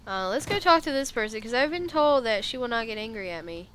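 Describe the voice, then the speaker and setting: A woman's voice: fairly high pitch, animated, a little fast, fairly bright tone, slight background noise. A woman streamer giving casual, joking gameplay commentary and laughing often. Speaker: game streamer.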